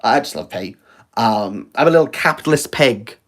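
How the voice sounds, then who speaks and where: A Welsh man chatting on a livestream from his phone at home, rambling from one thing to the next and poking fun at himself. His voice stays in a middle pitch but jumps up and down a lot as he jokes. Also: expressive, normal speed, a bit bright. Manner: rambling, self-mocking and jokey. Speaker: book reviewer livestreaming. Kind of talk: casual livestream chat.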